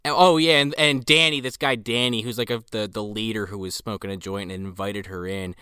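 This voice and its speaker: Crisp, bright-voiced male co-host, profane and chatty. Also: fairly low pitch, steady tone, fairly quick, no room sound, studio quality. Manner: profane storyteller. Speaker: podcast co-host. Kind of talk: casual movie recap chat.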